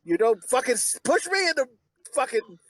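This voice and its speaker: Male podcast co-host, high voice, faint background hiss, swears and rants. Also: sing-song, moderate pace. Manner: profane ranting storyteller, laughs often. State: has high blood pressure. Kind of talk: casual chat.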